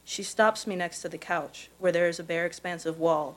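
Low-voiced woman reading her essay. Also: fairly even intonation, rough recording. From Missouri. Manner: measured, careful storytelling delivery. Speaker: contest winner reading her own prose. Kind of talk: reading a personal essay aloud. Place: live reading event.

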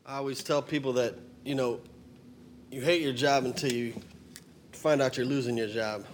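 A man's voice: medium pitch, steady tone, normal speed, background noise. A middle-aged man, introducing his song in a rambling, plainspoken way and stating blunt opinions. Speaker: singer-songwriter and former firefighter.

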